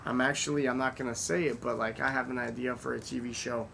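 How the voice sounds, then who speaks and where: A man hosting a casual podcast chat, telling stories in a blunt, profane, animated way. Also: fast, creaky. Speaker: podcast host. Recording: faint rumble and background noise.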